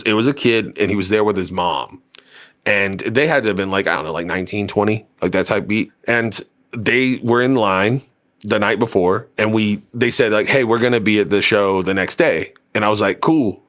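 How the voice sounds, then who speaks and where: Telling a story in casual podcast chat, this male co-host rambles, leaning heavily on fillers and curse words. His voice is lowish and a bit bright.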